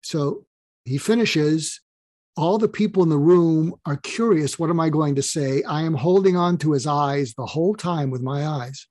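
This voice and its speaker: A man's voice: fairly high pitch, normal speed, darkish tone, dry recording. An older man, a psychiatrist guest on an interview show, telling a story and acting out the exchanges he quotes.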